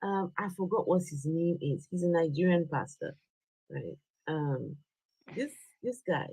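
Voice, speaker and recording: Woman livestream host, husky voice, lively swooping pitch, laughing, exclamatory. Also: measured pace, dry recording. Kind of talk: casual livestream chat.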